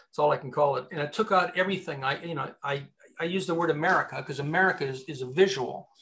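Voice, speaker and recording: Talking fast in a slightly high voice, this man, who is a recruiter and an author, is an emphatic, animated storyteller during a conversational interview where he's the guest.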